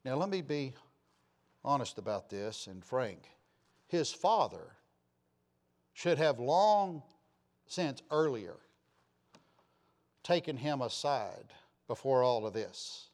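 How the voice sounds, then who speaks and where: A man's voice: medium pitch, sing-song, takes it slowly, pauses often. Impassioned man preaching a sermon. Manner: impassioned, swinging between loud declarations and soft asides; rhetorical questions to the listeners.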